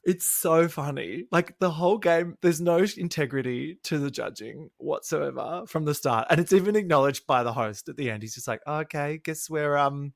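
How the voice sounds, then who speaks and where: A man's voice: on the high side, expressive, moderate pace, vocal fry, few pauses, no room sound, clean studio sound. A man co-hosting a podcast, recapping a reality show in a chatty, catty way and laughing often. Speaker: podcast co-host. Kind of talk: casual chat.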